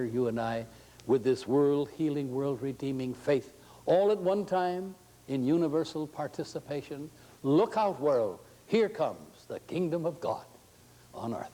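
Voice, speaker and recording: Folksy, mellow-voiced male preacher. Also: fairly high pitch, poor audio. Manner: folksy, joking, warmly conversational. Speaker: speaker at a faith gathering. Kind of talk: inspirational talk.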